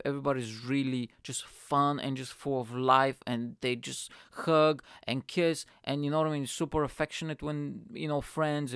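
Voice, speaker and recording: A man's voice: medium pitch, a bit bright, smooth, no echo, studio quality. A young man, a stand-up comedian, rambling impulsively and swearing as he tells a story on his podcast. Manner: impulsive, profane, rambling, lots of fillers. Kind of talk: casual storytelling chat.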